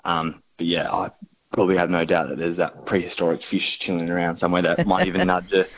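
Easygoing Australian man, a bit low. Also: flat delivery, fairly quick, low-quality recording. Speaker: fishing expert guest. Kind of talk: radio interview.

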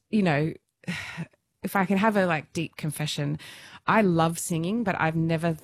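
Woman, 30s, deep-voiced radio guest; animated, self-deprecating storyteller, dry studio sound. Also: no room sound. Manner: enthusiastic, self-deprecating, laughs often. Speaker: musical theatre performer, radio guest. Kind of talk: casual radio interview storytelling.

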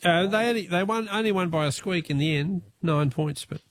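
A man's voice: high-pitched, a little hiss or hum. A jovial, chatty Australian man hosting a radio quiz and talkback show. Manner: jovial, chatty, quick to laugh.

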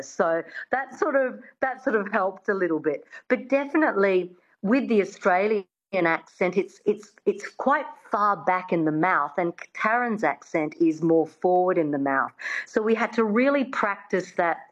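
A woman's voice: lowish voice, highs cut off. A woman working as a dialect coach, answering interview questions in a chatty way, often restarting with "I mean".

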